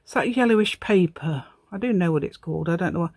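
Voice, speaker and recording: A woman's voice: fairly low pitch, lively intonation, quick pace, darkish tone, breathy edge, dry recording. A woman hosting a casual crafting tutorial, chatting and rambling as she works. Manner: chatty, rambling, self-deprecating with frequent laughs. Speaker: crafting channel host.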